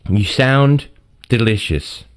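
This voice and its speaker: A man hosting a casual livestream chat, teasing in a dry, wry, drawn-out way. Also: mid-range voice. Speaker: livestream host.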